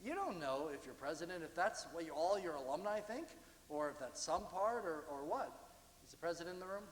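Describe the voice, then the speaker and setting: A man giving a university lecture about slides, talking in a conversational, halting way with frequent restarts. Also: on the high side, expressive, slight background noise. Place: lecture hall. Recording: echoey hall, distant.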